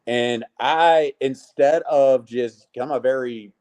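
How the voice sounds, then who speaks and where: A man with a mellow, warm voice recounts his career in a casual interview. He tells it as a story and acts out what others said to him. He speaks at an ordinary pitch. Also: slow pace. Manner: animated storyteller, acts out quotes. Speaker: guest, network marketing leader.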